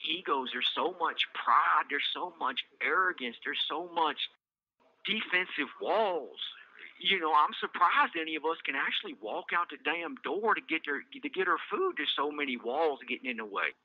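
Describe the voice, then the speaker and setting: Man talking candidly over a prison phone. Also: mid-range voice. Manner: earnest, rambling, many "you know" fillers. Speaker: incarcerated podcast host. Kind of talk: reflective casual monologue. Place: maximum-security prison. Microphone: prison phone line. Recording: dull lo-fi phone line.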